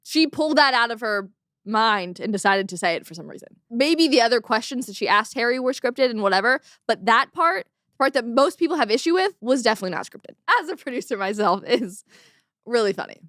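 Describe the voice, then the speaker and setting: A woman's voice: on the high side, lively intonation, fairly quick, a bit bright, no echo, studio quality. A woman hosting a commentary show, speaking in an earnest, opinionated way about faith. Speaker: host.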